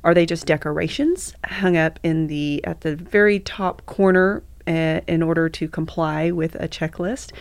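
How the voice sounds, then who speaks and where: Female education coordinator guest; low register, measured explainer, dry recording. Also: steady tone, no echo. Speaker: school improvement coordinator, guest. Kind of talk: conversational interview.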